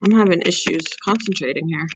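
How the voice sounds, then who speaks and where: A woman's voice: lowish voice, brisk, highs cut off, a little hiss or hum. A woman hosting a pet channel, chatting casually on a live stream and cooing to her small pets between remarks.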